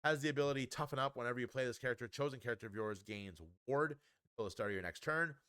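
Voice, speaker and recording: An upbeat man talks through a card game review in a relaxed, chatty way, often pausing on an um or restarting a phrase. His voice sits in an ordinary middle pitch for a man. The sound is dry and close, with no room around it. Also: smooth, no echo. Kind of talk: casual spoken card review.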